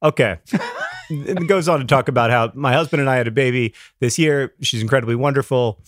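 A man's voice: mid-range voice, brisk, no echo, clean studio sound. Wry rambling male podcast co-host. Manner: wry, rambling with self-corrections. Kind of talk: casual chat.

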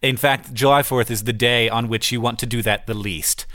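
A man's voice: mid-range voice, steady tone, normal speed, pushed and bright, no room sound. American man, teasing, dry humor, close dry mic, podcast co-host. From United States. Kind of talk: casual podcast chat.

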